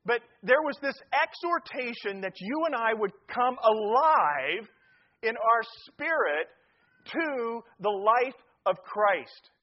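A man's voice: very high voice, lively intonation, slow, dull audio. A middle-aged male pastor from the American Midwest, giving a joking, folksy sermon to a live congregation. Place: church sanctuary.

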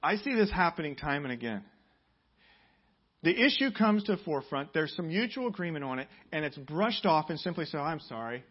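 A man preaching a sermon as pastor, building to loud, emphatic passages and dropping to quiet prayer. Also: sing-song, brisk, husky, muffled recording. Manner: emphatic preaching, rising loud and high on key points.

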